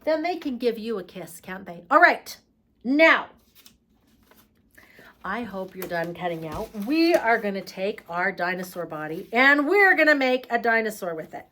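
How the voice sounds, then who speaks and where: Lively sing-song woman teaching preschoolers. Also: mid-range voice. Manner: sing-song, slow and playful when reading aloud to young children. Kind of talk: children's craft lesson and picture-book read-aloud.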